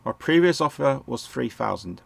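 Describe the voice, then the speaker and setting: A man with a sore throat and a croaky voice, rambling and correcting himself as he casually talks through a management game at home. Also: mid-range voice, expressive, moderate pace, fairly bright tone. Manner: rambling, self-correcting, chuckles often. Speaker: gameplay commentator. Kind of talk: casual game walkthrough commentary. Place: home, indoors.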